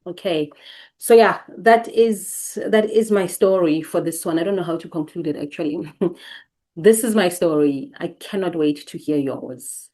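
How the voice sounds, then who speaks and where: A woman host giving a reflective teaching monologue, speaking gently with repeated, emphatic phrases. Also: fairly low pitch, unhurried. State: briefly emotional.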